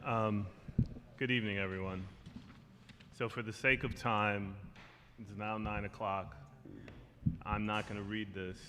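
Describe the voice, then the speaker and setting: A man's voice: on the low side, steady tone, measured pace, pauses often, in a large hall, background noise. A man giving the district manager's report at a community board meeting, direct and matter-of-fact.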